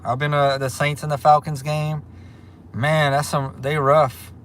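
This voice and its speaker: A man from Louisiana with a Southern accent, chatting casually on a livestream and reading out viewer comments in a relaxed, drawling way. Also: fairly high pitch, measured pace, a little hiss or hum. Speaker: livestream host.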